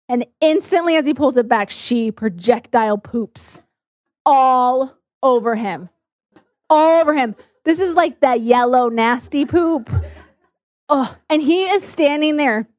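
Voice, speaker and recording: A woman's voice: high-pitched, no room sound, clean studio sound. A young woman telling candid personal stories to an audience, with lots of "like" and "um" along the way. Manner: candid and animated, many fillers like "like" and "um". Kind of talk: personal storytelling talk.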